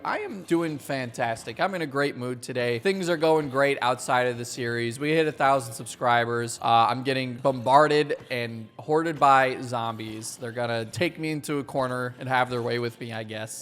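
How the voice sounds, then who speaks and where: A man's voice: medium pitch, normal speed, fairly bright tone. A young man giving casual, joking gameplay commentary as a streamer, swearing and yelping when surprised. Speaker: gaming streamer.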